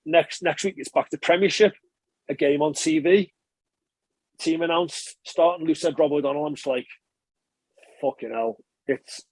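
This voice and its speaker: A man, a former rugby player, telling stories in a relaxed interview and chatting casually with frequent swearing and restarts. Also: on the high side, slightly rough, dry recording. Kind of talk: casual conversational storytelling.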